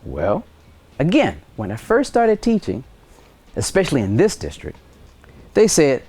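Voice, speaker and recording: A man teaching high school science in a video lesson, telling stories with playful voices for the people he quotes. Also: wildly swooping pitch, measured pace, darkish tone, slightly rough.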